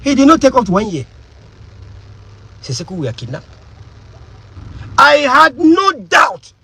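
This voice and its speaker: Husky, emphatic activist woman. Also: high voice, fairly bright tone, dry recording, poor audio. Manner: emphatic, rhetorical questions. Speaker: political activist. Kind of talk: impassioned political monologue.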